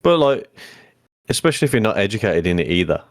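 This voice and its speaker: A young man chatting on a podcast in a laid-back, blunt way, swearing in passing. His voice is very low. The recording is dry and close to the mic. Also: big pitch swings, quick pace, no echo. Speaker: podcast co-host. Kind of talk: casual chat.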